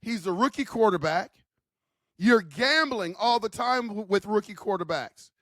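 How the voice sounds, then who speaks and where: A man hosts his own football channel, giving fired-up, emphatic opinions in casual slang, repeating his points and calling listeners "man." His high voice has lively intonation and a fairly bright tone, and he speaks unhurriedly in a dry, studio-quality recording.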